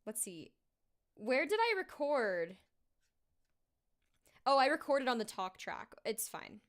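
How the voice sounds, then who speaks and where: A woman's voice: fairly high pitch, expressive, slow pace, long pauses, clear, resonant tone. A woman singer talking casually on a live stream while recording her vocals, thinking aloud with lots of fillers.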